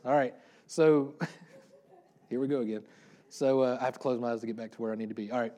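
A middle-aged man preaches a relaxed, conversational sermon. He talks fast and breaks off into self-deprecating jokes before getting back on track. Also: mid-range voice. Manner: fast-talking, self-deprecating, joking asides. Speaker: pastor.

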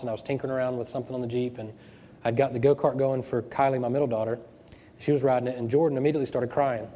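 A male pastor delivers a sermon in a relaxed, conversational way, tossing out rhetorical questions and doubling back on his words. His voice is mellow and dark, picked up by a worn microphone, and it rings with the long reverb of a big hall. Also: medium pitch, a little hiss or hum. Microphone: wearing a microphone.

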